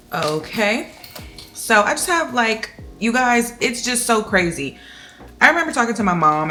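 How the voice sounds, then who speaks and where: Low-voiced woman chatting while counting cash. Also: slight background noise. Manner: chatty, counts money aloud in a slow steady rhythm. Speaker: budgeting vlogger. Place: indoors at home.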